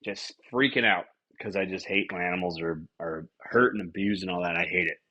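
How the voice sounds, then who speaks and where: A husky young man with a lowish voice hosts a podcast, riffing briskly on whatever comes to mind in a casual comedic monologue. He swears freely, rambles, and animatedly jumps into little acted-out lines, and the sound is slightly dull and lo-fi.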